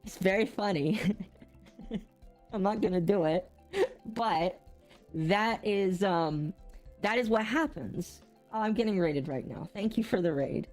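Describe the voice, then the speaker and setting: A young adult woman co-hosting a casual streamed podcast, rambling and halting with frequent restarts and small laughs. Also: mid-range voice, a little mellow, faint music behind. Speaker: podcast co-host.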